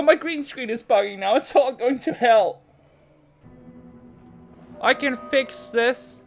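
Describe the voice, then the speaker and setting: A gaming video creator records horror game commentary at home, speaking into a desk microphone in front of a green screen. His voice is very high-pitched and a bit bright, and he shrieks, swears and jokes as the scares hit. The home recording is noisy.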